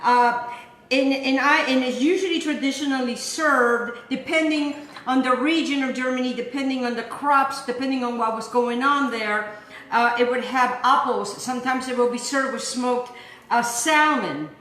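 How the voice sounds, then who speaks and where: A high-pitched woman hosts a casual cooking demonstration, talking in a chatty, rambling way and repeating her words. Her voice rings with the echo of a roomy kitchen. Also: moderate pace, fairly bright tone. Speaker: cooking show host.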